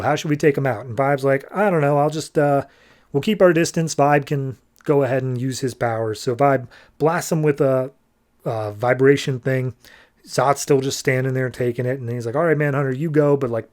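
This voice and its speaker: Chatting casually on his comic book podcast, a man loosely recounts a story and paraphrases the characters' lines, peppering it all with "like." His voice is medium-pitched and darkish.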